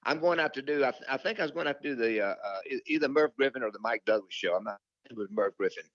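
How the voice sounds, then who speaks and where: A man's voice: medium pitch, animated, fast, a bit bright, no room sound. Older man rambling through stories, lo-fi. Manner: rambling, many fillers and restarts, quotes his own thoughts. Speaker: guest. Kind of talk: casual storytelling interview. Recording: dull lo-fi dry sound.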